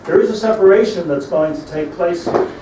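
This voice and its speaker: Heard distantly in an echoey room with faint ambience and background noise, a male rabbi with a high-sitting voice preaches fairly quickly on Lamentations. His storytelling style mixes Hebrew terms into English and rises to emphatic peaks.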